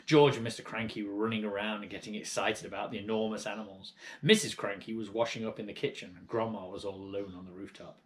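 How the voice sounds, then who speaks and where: A man reading a children's storybook aloud with lively, expressive narration. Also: fairly low pitch, fast, few pauses. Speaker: audiobook reader.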